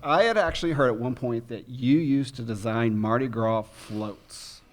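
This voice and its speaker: A man's voice: mid-range voice, moderate pace. Enthusiastic man hosting a panel. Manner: enthusiastic, casual interviewer. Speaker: interviewer host. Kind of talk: convention panel interview. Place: convention panel stage.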